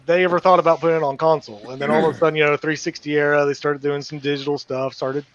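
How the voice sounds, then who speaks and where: A man's voice: on the high side, fairly even intonation, very fast, fairly bright tone, highs cut off. A man co-hosting a casual gaming chat show, emphatic and slangy, often repeating himself. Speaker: podcast co-host.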